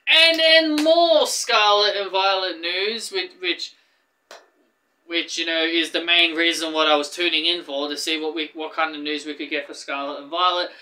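A man hosting a casual gaming news vlog, excitable and rambling, often restarting his sentences. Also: a little high, moderate pace. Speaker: gaming YouTuber.

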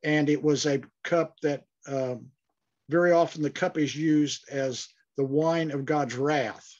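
A man's voice: a little high, fairly even intonation, a little slow, darkish tone, dull audio. A man teaching an online Bible class, speaking thoughtfully with frequent fillers and restarts.

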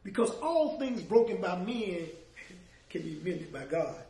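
A man's voice: high-pitched, sing-song, unhurried, mellow. A middle-aged man, a former music manager, telling an emotional story in an interview. He acts out the voices of the people he quotes, and his voice swells as the feeling rises. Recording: echoey room, distant mic, faint noise.

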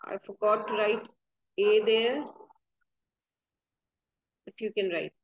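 A woman teacher giving a recorded grammar lesson, slowly reading out answers and dictating punctuation with care. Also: medium pitch, muffled recording. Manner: slow, careful dictation of punctuation.

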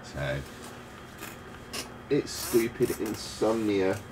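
With game music and background noise behind him, a weary man from the UK, up at night, provides casual let's play commentary in a lowish voice. His intonation is lively but his pace extremely slow, and he rambles, muttering to himself as he plays.

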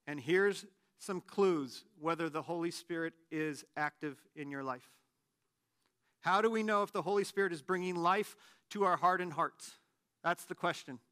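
A man in his late thirties, a pastor giving a conversational sermon with animated, self-deprecating humor. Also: sits high, smooth. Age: late 30s.

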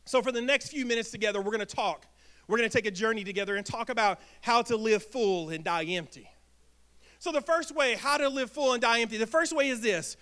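A man preaching a sermon in a church, energetic, asking the congregation questions and acting out little quips. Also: very high voice, fairly quick. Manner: energetic, asks the crowd questions and acts out quips. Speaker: pastor. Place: church sanctuary.

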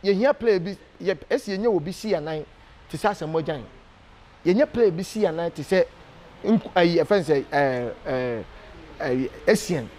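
A Ghanaian man giving an animated, emphatic casual interview, full of hesitation fillers. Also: fairly high pitch, normal speed. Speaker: interview guest.

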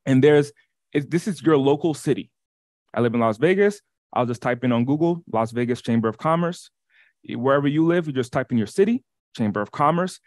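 A man co-hosting an online workshop, teaching in an energetic way, often restarting and repeating his words. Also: medium pitch, fairly quick, dry recording, studio quality. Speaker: workshop co-host. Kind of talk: webinar teaching. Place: lives in Las Vegas.

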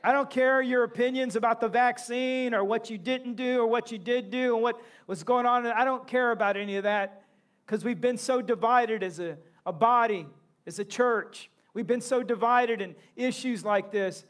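High-voiced impassioned preacher. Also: male voice, normal speed. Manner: impassioned, shouting in bursts, joking asides. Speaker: pastor. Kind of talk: sermon. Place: church sanctuary.

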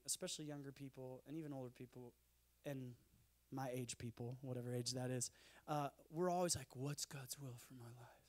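Animated storyteller, higher-pitched man. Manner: animated, self-deprecating storyteller. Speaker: speaker. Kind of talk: conference talk with humorous stories. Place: conference stage.

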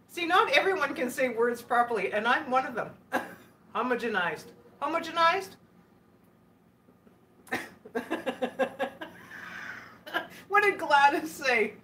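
A woman's voice: sits high, bright, forceful tone. A woman hosting a casual live stream, chatting and giggling as she answers viewer comments. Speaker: livestream host.

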